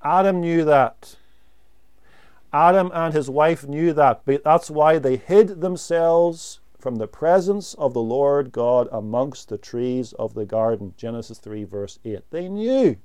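A man preaching a sermon, slow and deliberate, pausing to stress single words. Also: fairly high pitch, expressive, darkish tone, clear, resonant tone.

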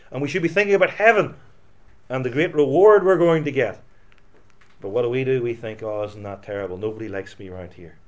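A male pastor preaching a sermon, swinging between loud emphatic lines and quiet, low asides.

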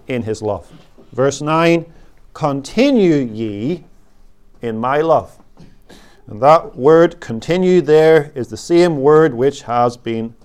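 A man preaching an expository sermon, slow and emphatic, repeating key words for weight. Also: fairly high pitch, darkish tone, smooth.

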